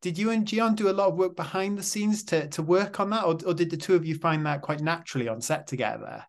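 A man's voice: on the high side, fast. A man interviewing a guest, enthusiastic and complimentary, asking long multi-part questions.

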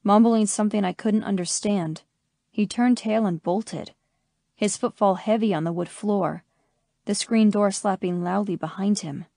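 A woman reading an audiobook as scripted first-person narration, in a measured, steady manner on a close studio mic. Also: mid-range voice, creaky, no room sound.

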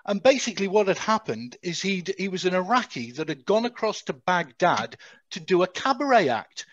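A man's voice: sits high, moderate pace, no room sound. A middle-aged man, an army veteran, telling an anecdote eagerly with stumbling restarts over a video call. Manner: animated storyteller, stumbling restarts. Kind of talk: recounting war memories on a video call. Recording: dry, lo-fi video call audio.

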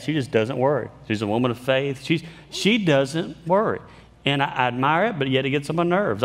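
A man delivers a sermon in an easygoing, conversational way, poking fun at himself and often restarting his sentences. His pitch sits at an ordinary middle height. The sound carries a long reverb from a large church hall. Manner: conversational, self-deprecating humor, frequent restarts. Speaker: pastor. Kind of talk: sermon with storytelling. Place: church sanctuary.

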